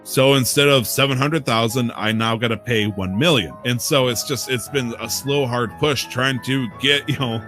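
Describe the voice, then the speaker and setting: Man, podcast co-host, bright tense voice, casual rambling storytelling, swears a lot. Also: mid-range voice, moderate pace, hardly any pauses, soft background music. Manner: rambling, profane storytelling with laughs. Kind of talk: casual chat.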